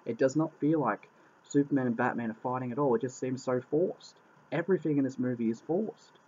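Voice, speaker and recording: In a mellow, medium-pitched voice with a breathy edge, a man reviews a film casually and fairly quickly. The dull lo-fi recording catches his exasperation as he swears heavily and circles back to the same points.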